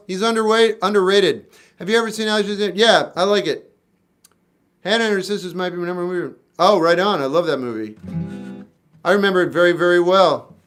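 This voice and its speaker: Speaking in a high, fairly bright voice, this South Florida man in his forties hosts a music livestream. He's laid-back and wry, casually chatting and taking questions from viewers.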